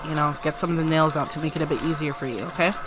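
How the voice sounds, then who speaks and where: A woman voicing an easygoing blue-collar young man with a crush, relaxed and teasing, in her own lowish voice. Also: racing, background noise, natural voice.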